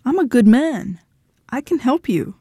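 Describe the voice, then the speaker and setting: A woman's voice: fairly high pitch, big pitch swings, measured pace, warm tone, breathy edge, no room sound, studio quality, pitched above the performer's own voice, exaggerated voice. A woman voicing a clingy, volatile man who pleads with a cracking voice, reading a story aloud. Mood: pleading.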